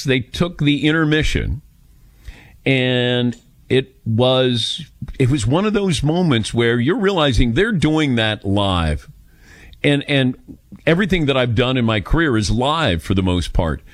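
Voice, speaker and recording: A man in his fifties with a medium-pitched voice hosts a radio talk show, chatting and telling stories about himself in a casual, self-deprecating way. He speaks into a studio microphone, and the recording is dry.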